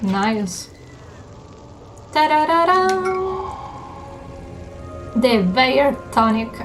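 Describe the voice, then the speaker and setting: A woman streamer giving gaming stream commentary, chatty and unhurried with many fillers. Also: a little high, expressive, music in the background. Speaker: game streamer.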